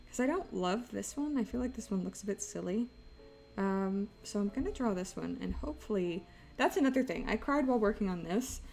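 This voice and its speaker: A young woman streaming while she draws, chatting in a rambling, emotional way, laughing often and swinging from loud exclaims to quiet asides. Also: medium pitch. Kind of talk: casual stream chat while drawing.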